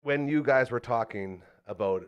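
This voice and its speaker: A man's voice: mid-range voice, normal speed, smooth, muffled recording. A man hosting a podcast, chatting casually and joking with a guest in a small studio. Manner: joking, playful, laughs often. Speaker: podcast host. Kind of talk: casual chat.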